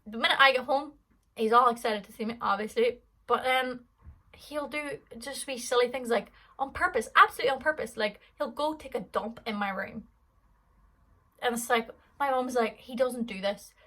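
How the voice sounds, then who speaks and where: A woman's voice: fairly high pitch, normal speed, fairly bright tone, poor audio. An Irish woman in her twenties answering fan questions in a casual vlog, rambling and chatty with lots of fillers. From Ireland.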